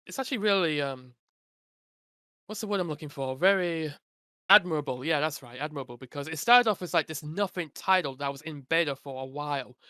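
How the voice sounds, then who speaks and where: A man co-hosting a casual podcast chat, easygoing and quick to laugh, leaning on "actually" a lot. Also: a little high, pushed and bright, no room sound, clean studio sound. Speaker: podcast co-host.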